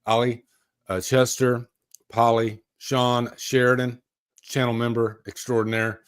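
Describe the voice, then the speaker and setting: A man's voice: medium pitch, flat delivery, unhurried, smooth. A man hosting a live horror news stream, chatting casually and laughing often. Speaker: podcast host.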